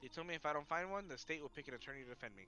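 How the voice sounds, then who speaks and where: A man reading the lines of a worried young woman in a game, in a flat, quick read-along manner. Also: on the high side, echoey room, soft background music.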